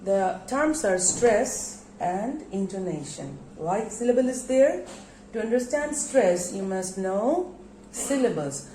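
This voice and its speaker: Slow Bangladeshi-accented woman teaching pronunciation. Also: mid-range voice, lively intonation, mellow, slight background noise. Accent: Bangladeshi English. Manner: spells words letter by letter, asks and answers own questions. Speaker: English teacher. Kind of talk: recorded classroom lesson on pronunciation. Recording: echoey room.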